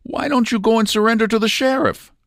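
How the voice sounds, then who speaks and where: A man's voice: extremely high pitch, fairly even intonation, brisk, fairly bright tone, no room sound, studio quality, voice pushed up. A man voicing a plain-spoken male outlaw sidekick who scolds his partner in folksy speech. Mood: chiding.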